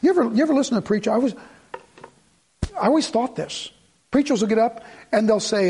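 A man with a high voice preaches a sermon. He talks to the congregation in a conversational way and poses rhetorical questions. Now and then he sinks to a quiet, low voice for emphasis. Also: fast talker, slightly rough. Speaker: pastor.

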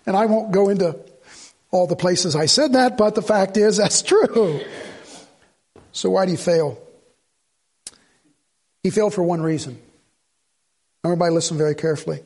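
A man preaching a sermon as the pastor, swinging from loud exhortation to low, earnest asides. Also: moderate pace, pauses often.

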